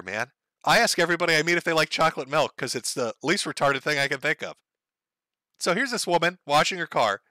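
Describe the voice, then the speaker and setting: A man's voice: a little high, sharp tone, no room sound. A man hosting a show, giving crude, sarcastic commentary on online posts. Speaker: show host.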